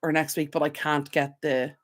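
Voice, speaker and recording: A woman's voice: deep voice, little pitch movement, moderate pace. A young Irish woman hosting a live stream from her desk, rambling in casual rants with plenty of fillers. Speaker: channel host. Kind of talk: live stream chat with viewers. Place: home desk. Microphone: desk camera mic.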